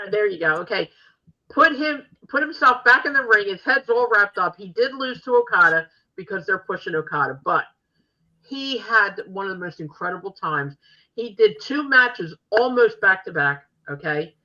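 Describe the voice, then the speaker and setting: Bright-voiced older woman, gushing host. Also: medium pitch, lo-fi sound. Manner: animated, gushing fan storytelling. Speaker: podcast host. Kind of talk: casual chat.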